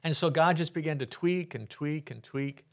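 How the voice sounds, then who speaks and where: An older Texan man, appearing as a podcast guest, shares his faith testimony with lots of energy, acting out voices in his stories and laughing often. His voice is fairly high and creaky, and he talks at a normal speed.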